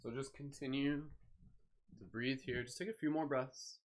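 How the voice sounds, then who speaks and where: A man leading a live guided meditation, speaking slowly and soothingly with gentle encouragement. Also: mid-range voice, fairly even intonation, a little hiss or hum. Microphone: live stream microphone.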